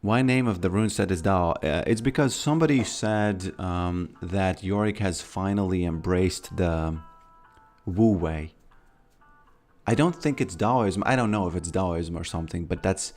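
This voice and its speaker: A man's voice: sits low, unhurried, darkish tone, faint music behind. A man streaming a video game, chatting casually in a rambling way, often stammering and repeating his words. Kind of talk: casual gameplay commentary.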